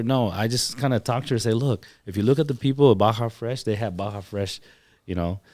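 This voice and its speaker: A man, a chiropractor, telling personal stories in a casual podcast chat and acting out the dialogue. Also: fairly low pitch. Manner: animated storyteller, acts out dialogue. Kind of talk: casual storytelling.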